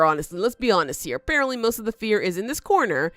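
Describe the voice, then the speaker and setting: A woman's voice: medium pitch, very animated, fast, fairly bright tone, no echo. A woman hosting a let's play, giving chatty gameplay commentary, talking back to the game and laughing often.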